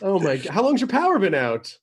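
A man with a high voice hosts a casual podcast chat. He gets excited while telling stories, jumps between thoughts and swears freely. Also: brisk, breathy edge. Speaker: podcast host.

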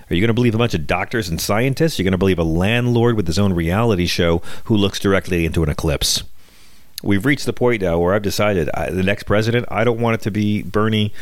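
A man's voice: sits low, no room sound. A middle-aged man hosting his own podcast, delivering a sardonic, wisecracking political comedy monologue with frequent restarts. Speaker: podcast host.

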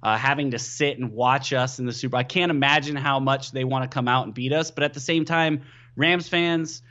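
A young man, a pro football player guesting on a podcast, telling stories excitably and leaning on "you know.". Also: mid-range voice, a little fast, lo-fi sound. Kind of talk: casual podcast chat.

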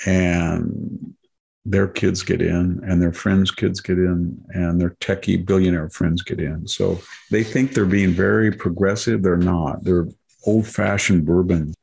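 A man's voice: deep voice, fairly even intonation, measured pace, a little mellow. An older man hosting a political talk show, delivering sardonic commentary full of mocking rhetorical questions. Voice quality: gravelly, husky. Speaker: podcast host.

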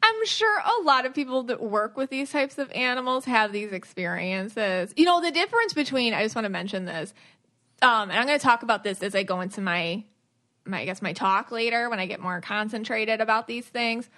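A chatty woman hosts a casual podcast, her voice sitting a little high. She rambles with energy, breaking off and restarting her sentences as she goes. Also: a little fast. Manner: rambling, animated, with many restarts. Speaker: podcast host and psychic medium. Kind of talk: casual chat.

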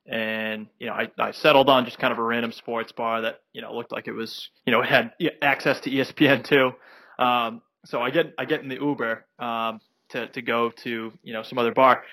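A man's voice: mid-range voice, bright, forceful tone, no echo, low-quality recording. A man from South Carolina co-hosting a casual sports podcast, telling rambling stories with many "you know"s and restarts. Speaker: podcast co-host.

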